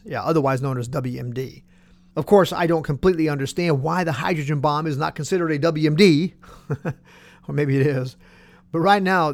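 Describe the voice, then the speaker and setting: Talk host, male, slightly raised pitch, folksy and sarcastic, firing off rhetorical questions. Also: creaky, dry recording. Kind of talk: political commentary monologue.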